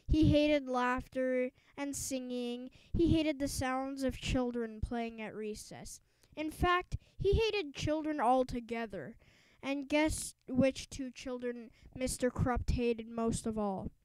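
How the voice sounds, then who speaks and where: Slow, high-voiced woman reading a storybook. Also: a little mellow, smooth, no echo, low-quality recording. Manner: stumbles and restarts words while reading. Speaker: audiobook reader. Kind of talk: reading a children's book aloud.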